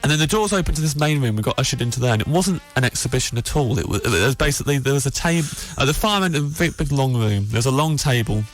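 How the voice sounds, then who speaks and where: A man's voice: medium pitch, expressive, quick pace, few pauses, soft background music. Rambling man telling a story. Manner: rambling, self-deprecating, restarts often. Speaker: podcast host. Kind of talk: casual anecdote telling.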